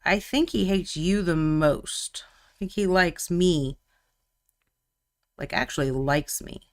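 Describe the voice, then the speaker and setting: A woman's voice: lowish voice, slow. A woman chatting casually and teasing her co-host while she paints miniatures on a live stream. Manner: chatty and teasing, often laughing.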